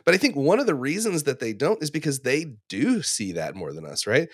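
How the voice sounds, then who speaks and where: A man in his forties, an ICU clinician, talking through a medical dilemma in relaxed conversation, telling stories with fillers and restarts. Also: mid-range voice, fairly quick, slightly rough, no echo, clean studio sound. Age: 40s. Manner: reflective, storytelling with frequent fillers and restarts. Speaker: ICU clinician, podcast co-host. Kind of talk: casual professional discussion.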